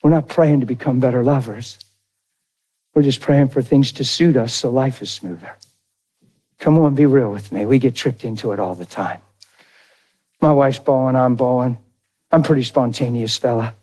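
A middle-aged man preaching a sermon, telling a personal story with animated, emotional delivery. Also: moderate pace, long pauses. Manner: animated and emotional, voice jumping high when quoting his crying wife.

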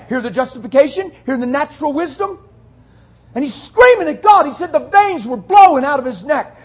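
A male pastor preaching a sermon, forceful and confrontational, often breaking into shouts. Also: extremely high pitch, big pitch swings, a little fast.

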